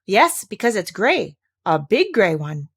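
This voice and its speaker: A woman voicing a gentle, simple-minded male teddy bear in a storybook, soft and hesitant. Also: mid-range voice, big pitch swings, unhurried, gravelly, husky, exaggerated voice.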